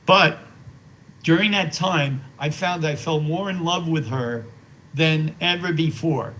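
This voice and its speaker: Speaking slowly in a slightly high, somewhat bright voice, this man in his eighties is an interview guest sharing warm, meandering stories peppered with repeated "you know"s. There's a faint hiss or hum on the rough recording.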